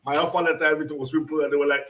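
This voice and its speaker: Nigerian guy on a live interview, lecturer, high bright voice, keeps acting out quotes, sounds far off the mic. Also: racing. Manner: animated, emphatic storytelling with acted-out quotes. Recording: distant from the mic.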